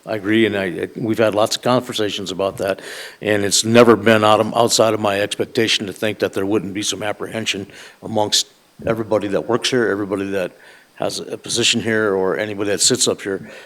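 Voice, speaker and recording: A man's voice: on the low side, fairly even intonation, fast talker, fairly bright tone. A man chairing a county board meeting, earnest and rambling as he restarts his phrases.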